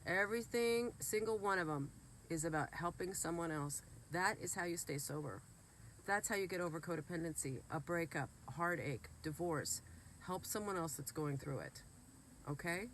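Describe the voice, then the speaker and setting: A woman's voice: on the low side, normal speed, fairly bright tone, slight background noise. A woman vlogger, sick and emotional, talking earnestly and bluntly straight to her viewers. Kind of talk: heartfelt direct-to-camera talk.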